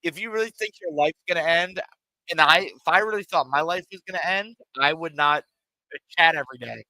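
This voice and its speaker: A man's voice: a little high, fairly quick, bright, forceful tone, dry recording, rough recording. A man on a live stream, ranting in a rambling, profane, emphatic way to his chat. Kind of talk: casual live-stream rant.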